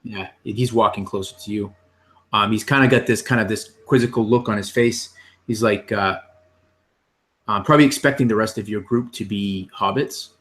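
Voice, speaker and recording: Low-voiced man running a tabletop game. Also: normal speed. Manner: relaxed, descriptive, meandering. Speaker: game master.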